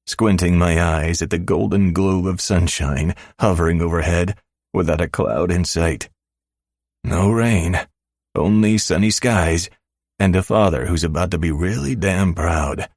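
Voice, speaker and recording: A man narrating a first-person romance audiobook with a gentle, reassuring tone. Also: deep voice, breathy edge, no echo, studio quality.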